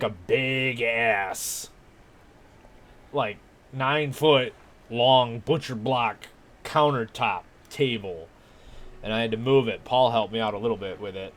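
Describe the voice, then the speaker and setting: A man chatting casually while he streams a video game, rambling, swearing and mocking himself. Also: lowish voice. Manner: rambling, profane, self-mocking. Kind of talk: casual livestream gaming chat.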